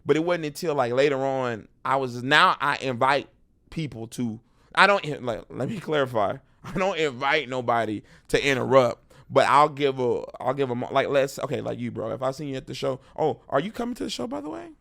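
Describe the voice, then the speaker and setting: Speaking at an ordinary pace in a gravelly mid-range voice, this man is a stand-up comedian with a Texan accent. He's a podcast guest in a relaxed interview chat, telling stories with lively energy and imitating crowd voices.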